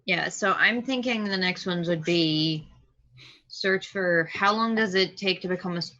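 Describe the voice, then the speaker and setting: A woman playing a tabletop game over a call, talking casually and pausing often to search for words. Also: lowish voice, bright, forceful tone, dull audio. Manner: hesitant, searching for words with many ums. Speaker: player.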